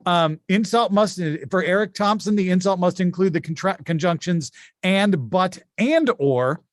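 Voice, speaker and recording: A man hosting a streamed insult comedy game, brisk and joking, often laughing as he reads out the rules. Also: sits high, no echo, clean studio sound.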